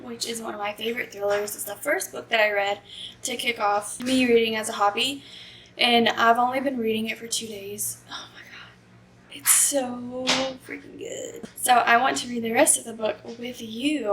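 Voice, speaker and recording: Chatty excited woman in an echoey room. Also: fairly high pitch. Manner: chatty and excited, with breathy whispered asides. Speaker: book vlogger. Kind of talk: casual reading vlog chat. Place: home reading nook, indoors. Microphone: camera on a tripod. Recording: roomy echo with faint background noise.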